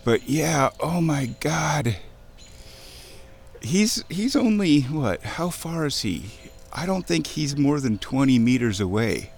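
Man, unhurried excited nature vlogger, outdoor camera mic, birdsong in the background. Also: a little high, vocal fry, slight background noise. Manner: excited, chatty, self-talking. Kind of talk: casual outdoor narration. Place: outdoors by a wooded creek.

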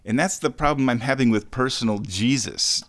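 A man's voice: mid-range voice, moderate pace. A man hosting a radio show, talking casually on his own in a rambling, easygoing, chatty way. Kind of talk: casual solo radio talk.

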